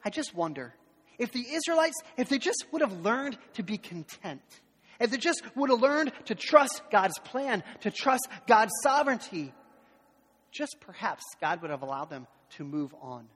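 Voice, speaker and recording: Man, pastor preaching a sermon, animated, mimics grumblers, husky tone, reverberant church hall. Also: high voice, normal speed. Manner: animated, acts out complainers' voices.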